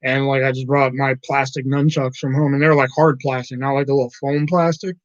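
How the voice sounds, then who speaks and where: A man's voice: medium pitch, little pitch movement, brisk, dry recording. A man hosting a casual livestream chat, swearing a lot and ranting as he acts out his coworkers. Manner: profane ranting, mimics coworkers. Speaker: livestream host. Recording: dry, dull lo-fi sound.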